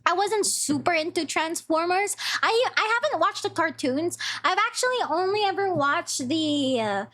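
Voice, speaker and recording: A woman's voice: extremely high pitch, expressive, normal speed, sharp tone. A young woman streamer chatting casually on a live stream, bubbly and rambling, laughing easily. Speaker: VTuber streamer.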